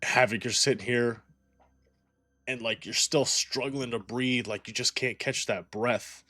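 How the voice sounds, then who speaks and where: A man's voice: medium pitch, steady tone, measured pace, bright, forceful tone, no room sound. A man running a tabletop game as game master, narrating casually with lots of "like".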